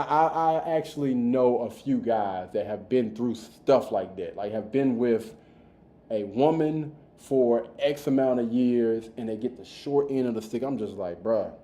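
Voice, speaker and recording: A man's voice: medium pitch, a little slow, warm tone. Laid-back slangy man, echoey room. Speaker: podcast host reacting to videos. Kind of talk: casual reaction commentary. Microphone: streaming mic.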